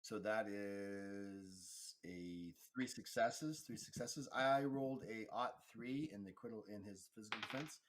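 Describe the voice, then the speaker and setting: A man with a fairly low voice acts as game master at a tabletop game. He explains the rules and narrates the fight in a loose, unhurried way. He often stops on fillers and restarts his sentences. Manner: relaxed, halting, with frequent fillers and restarts. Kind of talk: running a tabletop game session.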